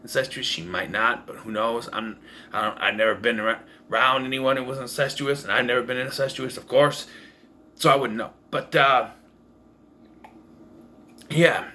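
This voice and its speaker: A man's voice: mid-range voice, steady tone, normal speed, pauses often, bright, forceful tone, a little hiss or hum. A man giving a casual home-made movie review, rambling and blunt, with profanity and frequent restarts, recorded on a camera propped up in a room at home. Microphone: camera propped on taped-together cases.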